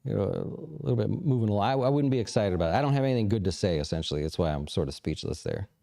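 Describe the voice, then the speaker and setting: A man hosting a casual livestream, answering viewer questions in a relaxed, rambling way with lots of fillers. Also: fairly low pitch, rapid-fire, creaky. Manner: relaxed, rambling, thinks aloud with many fillers. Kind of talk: casual live chat about investing.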